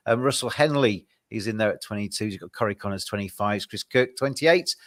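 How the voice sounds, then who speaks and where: A man hosting a laid-back podcast with a slightly hoarse voice. He talks in a relaxed, hesitant way, filling his pauses, and the sound is dry and close with little room around it. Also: lowish voice, dry recording. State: voice going hoarse. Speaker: podcast host. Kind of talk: casual podcast chat.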